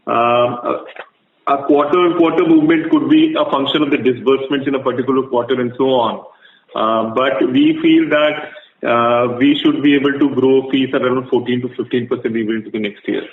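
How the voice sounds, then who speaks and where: A male finance executive explaining figures in a measured way on an earnings call. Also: mid-range voice, slight background noise. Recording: echoey room over a phone line.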